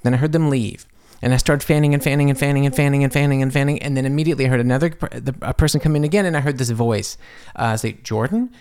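Podcast host, male, gravelly mid-range voice, rambling storyteller from a home studio. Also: rapid-fire. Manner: animated, jumps high when quoting himself; rambling with restarts and asides. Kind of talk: casual storytelling monologue.

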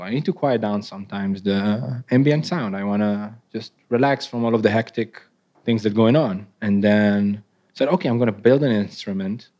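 Laughing low-voiced man, halting English. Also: a little mellow, highs cut off. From Israel. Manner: halting, laughs often, non-native English phrasing. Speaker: interviewed artist. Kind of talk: casual onstage conversation.

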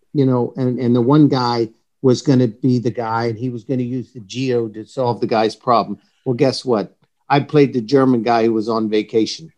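A man's voice: mid-range voice, darkish tone. A middle-aged man who works as a golf coach, talking bluntly and emphatically in a casual podcast chat, swearing freely.

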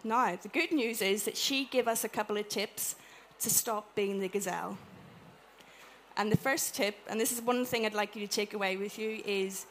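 A woman with an Irish accent giving a chatty, animated talk to a live audience, acting out little quotes as she goes. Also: medium pitch, normal speed, a little hiss or hum. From Ireland. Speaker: conference speaker. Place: event room with an audience.

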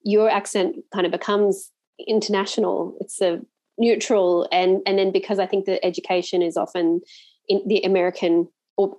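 A woman's voice: on the low side, no room sound. Chatty Australian woman host, dry sound. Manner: chatty, animated storyteller who laughs easily. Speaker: podcast host. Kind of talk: casual conversational interview.

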